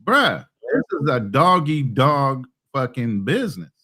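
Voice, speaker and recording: A man's voice: mid-range voice, very animated, measured pace, sharp tone, breathy edge. A man co-hosting a casual sports podcast over a call, giving his views emphatically. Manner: opinionated, emphatic. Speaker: podcast co-host.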